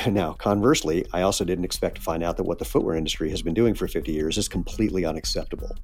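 A man's voice: low voice, fast, few pauses, darkish tone, slightly rough. A middle-aged man, a shoe company founder, talking candidly and earnestly as a guest on a podcast interview. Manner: candid, earnest, gets choked up.

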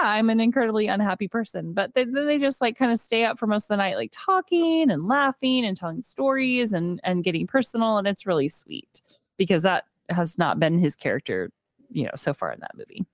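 A woman's voice: medium pitch, no room sound. A young adult woman chats through a movie recap, acting out snippets of dialogue as she goes. Her voice sits in a middle register and is recorded close and dry, with no room sound. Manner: chatty, retells scenes with quoted lines. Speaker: podcast co-host. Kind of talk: casual movie recap chat.

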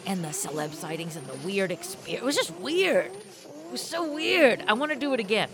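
A woman co-hosting a podcast, telling stories in an excitable, goofy, casual chat. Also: a little high, moderate pace, noisy background. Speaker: podcast co-host.

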